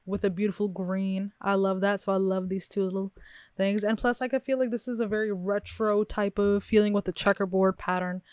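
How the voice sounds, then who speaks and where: A woman's voice: mid-range voice, fairly even intonation, fairly quick, dry recording. Chatty young woman, dry close sound. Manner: chatty, rambling, self-reflective, laughs often. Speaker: vlogger. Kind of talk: casual chat to camera. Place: her bedroom setup.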